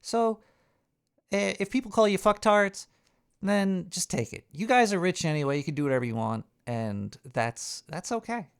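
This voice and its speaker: A radio show host with a high, clean-toned voice speaks at a moderate pace while hosting a talk show. He rants in a rambling, profane way, stammering and restarting often.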